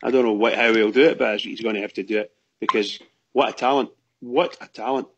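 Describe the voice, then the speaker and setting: A man's voice: fairly low pitch, steady tone, fairly quick, slightly rough, lo-fi sound. A man co-hosting a fan radio show, chatting in a rambling, enthusiastic way. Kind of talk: casual chat.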